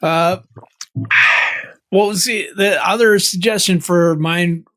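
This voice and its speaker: A podcast co-host in easy, casual chat who teases with dry jokes and keeps pressing for answers. The voice sits at a middle pitch. The sound is dry and close, with no room echo. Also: steady tone, slow pace, fairly bright tone.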